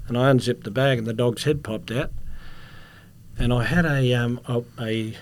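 A middle-aged Australian man, once a police officer and later a security contractor, rambles through anecdotes as a guest on a podcast. His medium-pitched voice stays steady at a moderate pace, and he coughs now and then in this casual storytelling interview.

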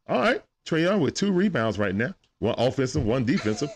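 Speaking a little fast with few pauses and a medium pitch, this man calls a basketball game casually on a live stream. He stays animated, says hello to chat viewers between plays, and makes side remarks to his son.

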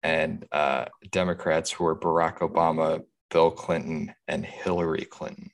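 A man with a very deep voice co-hosts a loose comedy podcast. He teases the others with a dry, offhand humor. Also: flat delivery, measured pace, gravelly. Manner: dry, teasing. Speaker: podcast co-host. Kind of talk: casual comedic chat.

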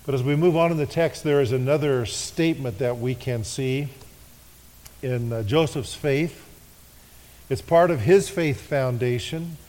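A man preaching a sermon, leading his congregation in call-and-response and slowing to a hush on key phrases. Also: medium pitch. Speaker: pastor. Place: church sanctuary. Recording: echoey worship hall.

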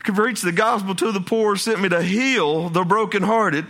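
A man's voice: high-pitched, normal speed, fairly bright tone. A man, preaching a passionate sermon as pastor, with folksy asides and many restarts.

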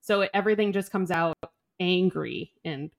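A young woman co-hosting a casual book-club podcast speaks frankly and opinionatedly about a book, swearing casually along the way. Her voice is lowish with vocal fry, and she talks at a normal speed.

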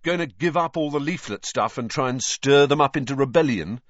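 An actor voicing a wisecracking teenage prankster twin who speaks in a mocking, wry way, in a dry, slightly dull studio recording. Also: male voice, medium pitch, a little fast, no room sound, voice pushed up, natural voice.

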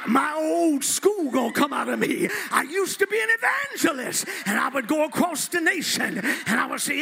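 A middle-aged man preaching a lively church sermon to his congregation, playful and animated, breaking into shouts and laughter. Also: extremely high pitch, normal speed, creaky, few pauses. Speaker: bishop preaching.

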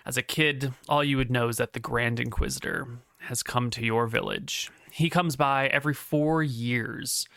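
A man running a tabletop game as game master, describing the world casually and padding his talk with fillers. His voice is bright and forceful, recorded dry and close. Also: mid-range voice, fairly even intonation, normal speed, gravelly, few pauses, no echo.

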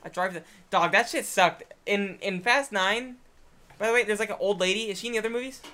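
A young man talks quickly in a rather high voice. His chat is loose and rambling, full of jokes and casual swearing. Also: bright, forceful tone. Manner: rambling, jokey, swears freely.

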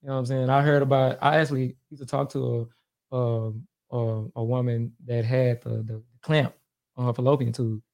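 A man's voice: medium pitch, flat delivery, moderate pace, vocal fry, a little mellow. A man co-hosting a podcast in casual, slangy chat, calling people dude and bro. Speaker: podcast co-host.

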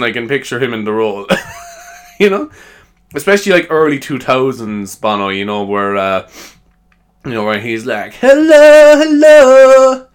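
A podcaster with a medium-pitched, fairly bright voice rambles through a casual solo chat. He's chatty and self-amused, filling his talk with fillers and laughs.

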